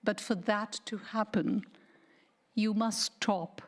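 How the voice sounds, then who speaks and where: A woman poet giving a slow, deliberate, mournful dramatic poetry reading, sometimes dropping to a hushed whisper. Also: medium pitch, fairly even intonation. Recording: studio radio reading.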